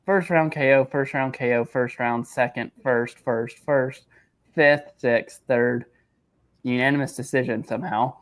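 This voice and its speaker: Animated man telling sports stories. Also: mid-range voice, no echo. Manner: animated storyteller, quick laughs, acts out quotes. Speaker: podcast co-host. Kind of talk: casual chat.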